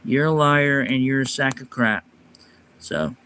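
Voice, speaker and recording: A man livestreams over a phone or desk mic with slight background noise, his medium-pitched voice expressive and unhurried. His long personal story wanders casually and is told quietly. When he snaps at his chat, his voice rises and sharpens.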